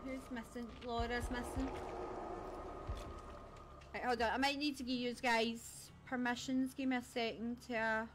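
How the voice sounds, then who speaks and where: A woman's voice: on the high side, level tone, unhurried, long pauses, noisy background. A woman streaming a game live, chatting casually with viewers and friends, laughing often and a little scattered. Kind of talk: casual live-stream chat while gaming.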